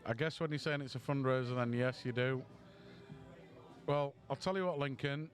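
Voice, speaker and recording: A man's voice: mid-range voice, fairly even intonation, normal speed, faint music behind. A man, tipsy, giving rambling, self-mocking commentary on a pool match stream.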